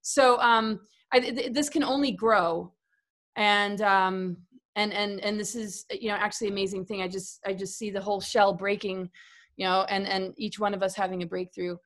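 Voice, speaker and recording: A woman's voice: medium pitch, steady tone, moderate pace, fairly bright tone. A woman talking casually about spirituality as a guest in a conversation, earnest and rambling, often restarting and repeating words.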